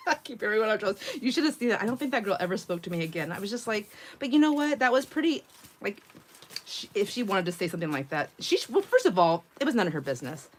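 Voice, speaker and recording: A woman's voice: medium pitch, very animated, quick pace, a little hiss or hum. Chatty, laughing woman crafter. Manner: chatty storyteller, laughs often, acts out quotes. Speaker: craft livestream host. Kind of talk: casual chat while crafting.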